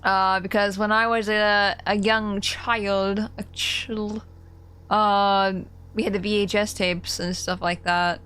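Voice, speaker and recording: A woman's voice: mid-range voice, flat delivery, slow, fairly bright tone, smooth. A young woman in casual live-stream commentary, giggly and chatty, easily startled as she plays. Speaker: game streamer.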